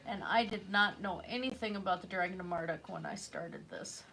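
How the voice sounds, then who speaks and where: A woman's voice: on the low side, moderate pace, sharp tone, slight background noise. A woman chatting casually while she paints on a livestream, rambling with fillers and self-corrections. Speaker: artist livestreaming a painting session.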